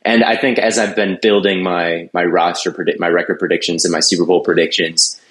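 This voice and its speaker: A man's voice: low-pitched, level tone, a little fast, fairly bright tone. A man hosting a casual sports podcast, opinionated and often restarting his sentences. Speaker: podcast host.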